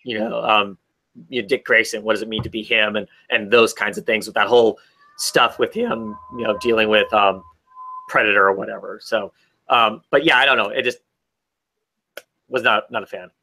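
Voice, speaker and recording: A man's voice: lowish voice, fairly even intonation, normal speed, sharp tone. A man casually reviewing comic books in a rambling, enthusiastic way, full of restarts and fillers.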